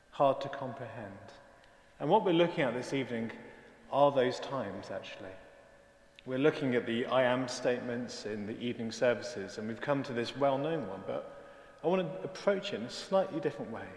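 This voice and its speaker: A man preaching an evening sermon in an earnest, conversational way. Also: mid-range voice. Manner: earnest, conversational, peppered with "actually". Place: church, indoors. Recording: echoey church hall.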